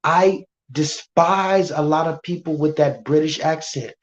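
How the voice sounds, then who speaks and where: A woman's voice: deep voice, unhurried. A woman hosting a live-stream reaction, brash and profane, talking straight to her chat. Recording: muffled lo-fi stream audio.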